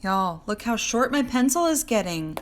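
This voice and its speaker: A woman's voice: fairly high pitch, very animated, normal speed, heavy background noise. A woman teaching a live drawing lesson to children, chatting and encouraging as she draws, recorded on a handheld phone. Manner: chatty, encouraging, talks while drawing and answers viewers by name. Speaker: art teacher. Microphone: phone held in hand.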